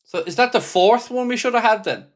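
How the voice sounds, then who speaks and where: With a very high voice and a fairly quick pace, a man hosts a live football watchalong for fans. He calls the match with frustration, swears freely, and reads viewers' chat messages out loud.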